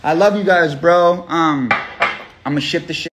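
A young man hosts a raffle on a phone livestream, chatting casually in a loose, profane, rambling way packed with slang and pep talk. His voice is fairly high at a moderate pace, with background noise.

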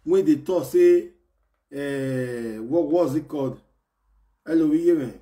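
A man ranting to his fans in an excitable, scolding way, repeating himself and bursting into shouts. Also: on the high side, slow pace. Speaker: online personality ranting to fans. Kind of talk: animated pidgin rant.

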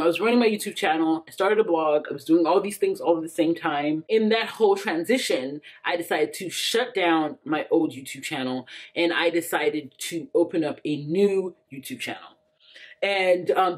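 A woman in her thirties telling a personal story to camera in a chatty, casual way, full of fillers and frequent laughs. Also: low-pitched. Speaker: vlogger.

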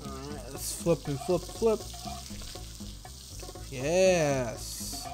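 A man's voice: a little high, animated, drawn-out words, music in the background. A young man hosting a gaming video, playing a cooking game and teasing the game's customers in a playful way, recorded at home on a desktop microphone. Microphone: desktop USB microphone.

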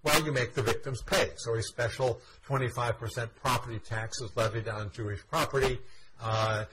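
A male university history lecturer giving a measured lecture full of "uh" fillers. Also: mid-range voice, fairly even intonation. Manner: frequent "uh" fillers, measured explanatory delivery. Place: university classroom. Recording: loud background noise.

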